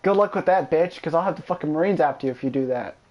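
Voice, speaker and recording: Profane, excitable male gaming streamer. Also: on the high side, fast talker, lo-fi sound. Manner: profane, excitable trash-talk. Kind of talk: casual gameplay commentary.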